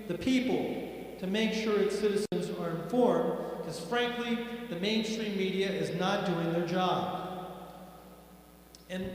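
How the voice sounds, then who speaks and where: A man's voice: sits high, darkish tone. A man giving a political speech with jokes at an evening event, sarcastic and emphatic. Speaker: political speaker. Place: event hall. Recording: echoey hall with long reverb.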